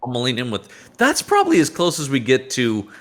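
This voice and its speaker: A man's voice: mid-range voice, fairly quick. A man co-hosting a podcast, joking casually about a comic book and often restarting his sentences. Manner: jokey, animated, restarts sentences. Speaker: podcast co-host.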